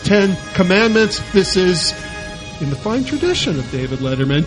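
A man's voice: high-pitched, very animated, normal speed, music in the background. A man hosting a radio talk show, joking through a comedy list with a playful, laughing manner.

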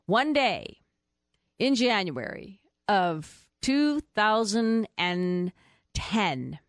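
Animated, chatty middle-aged woman. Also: mid-range voice, drawn-out words, no echo, studio quality. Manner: animated storyteller, acts out quoted voices; rambling with many fillers and restarts. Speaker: guest. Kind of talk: personal story in an interview.

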